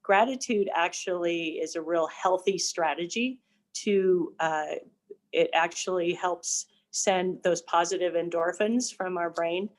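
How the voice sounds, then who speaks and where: A woman's voice: lowish voice, measured pace. An older woman, a family counselor, explaining parenting ideas in an earnest casual discussion. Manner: earnest, explanatory, some restarts.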